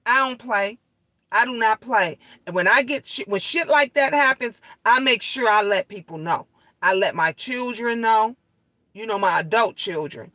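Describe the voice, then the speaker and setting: A woman's voice: on the high side, bright, forceful tone, dry recording, rough recording. A middle-aged woman venting in a casual vlog on her lunch break, blunt and profane, repeating her points for emphasis. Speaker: leasing office worker vlogging on her lunch break.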